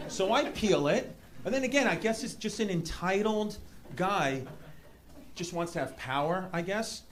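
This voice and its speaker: A man from New York City with a New York accent, doing a stand-up comedy set with rambling, animated storytelling. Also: high voice, measured pace. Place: comedy club stage. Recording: live club room with audience noise. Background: audience laughter.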